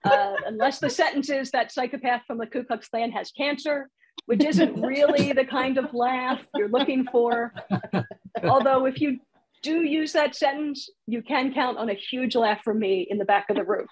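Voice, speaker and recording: A woman's voice: sits high, moderate pace, breathy edge, rough recording. A woman teaching comedy writing in a casual online workshop, chatty and laughing at her own examples, heard over a video call.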